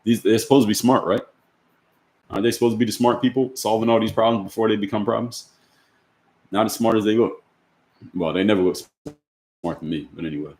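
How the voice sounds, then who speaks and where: A man's voice: on the low side, fairly quick, long pauses, darkish tone, echoey room. A man hosting a livestream, reading chat comments and answering them bluntly with rhetorical questions. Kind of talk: opinionated livestream talk.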